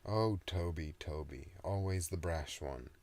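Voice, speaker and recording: A man voicing an ancient male demon with a deep, soothing, mock-polite manner in an audiobook reading. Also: a little slow, a little mellow. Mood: taunting.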